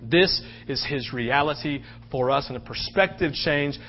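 A man preaching a sermon as pastor, passionate and swinging between loud outbursts and hushed stretches. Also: fairly high pitch, measured pace, dull audio, a little hiss or hum.

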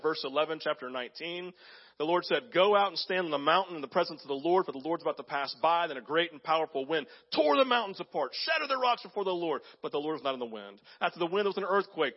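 Animated pastor preaching, slightly high voice. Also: male voice, highs cut off. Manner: animated, acts out voices in quotes; drops to soft, hushed tones for emphasis. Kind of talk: sermon.

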